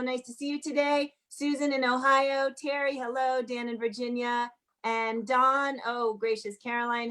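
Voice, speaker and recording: Woman host, a bit high-pitched, easy chatty greeter on a video call. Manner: warm greetings, reads out many names. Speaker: host of online singing session. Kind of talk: casual welcoming chat on a video call.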